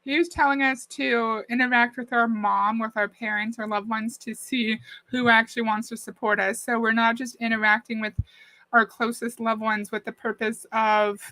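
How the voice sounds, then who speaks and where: A woman hosts a casual livestream on a desk mic, critiquing a video and reading viewer comments aloud in a conversational way. Her fairly high voice is level in tone, pushed and bright, at normal speed, in a dry recording with poor audio quality.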